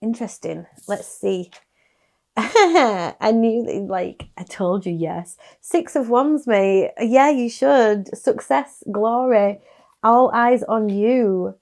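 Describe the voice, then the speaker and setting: Chatty woman tarot reader, soft-spoken, a little gravelly, casual to camera. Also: a little high, expressive, slow pace.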